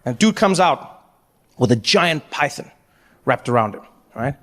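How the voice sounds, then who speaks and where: A man performing stand-up comedy, telling a story with animated delivery. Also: mid-range voice, unhurried, long reverb tail. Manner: animated storytelling, jumping into voices.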